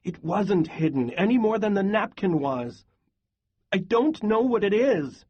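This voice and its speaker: A husky-voiced man voicing a defiant young girl, raising his voice into a higher, pleading tone. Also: sing-song, measured pace, highs cut off, full character voice. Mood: tearful. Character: defiant young Danish girl, quick-tongued.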